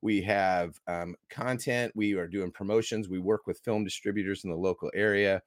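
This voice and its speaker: American man, middle-aged, lowish voice, dry close sound, eager rambling interview guest. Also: steady tone, moderate pace, no room sound. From United States. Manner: enthusiastic, rambling storyteller. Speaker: guest, movie critic. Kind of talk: casual interview talk.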